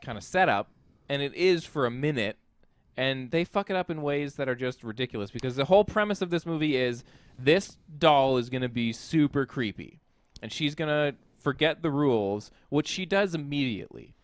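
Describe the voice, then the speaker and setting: A man hosts a casual film review chat, swearing freely and acting out scenes as he goes. His voice is smooth and clear. The recording is close and dry. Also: mid-range voice, normal speed, dry recording. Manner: animated, profane, acts out quotes. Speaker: podcast host, film reviewer.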